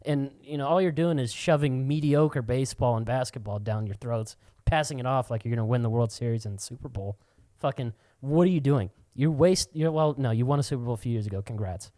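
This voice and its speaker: A man's voice: mid-range voice, fairly quick, few pauses, warm tone, no echo, studio quality. A man co-hosting a casual podcast, telling stories in a profane, ranting way. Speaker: podcast co-host.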